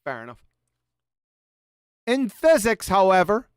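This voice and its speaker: High-voiced man ranting profanely. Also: animated, a little slow, pauses often, clean tone, no room sound, clean studio sound. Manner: profane, mocking, combative; addresses an absent author sarcastically. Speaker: video presenter. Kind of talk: ranting presentation over slides.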